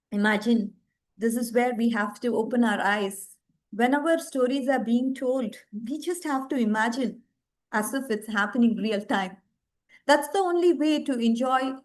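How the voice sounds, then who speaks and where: High-voiced woman telling a devotional story. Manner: expressive, rhetorical questions to listeners.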